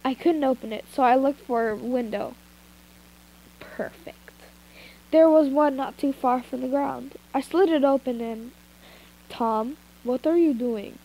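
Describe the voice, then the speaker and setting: A woman's voice: high voice, normal speed, few pauses, warm tone, rough recording. A woman reading fanfiction aloud in an informal way, breaking off for asides and retakes, recorded on a phone. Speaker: fanfiction reader. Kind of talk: amateur story reading.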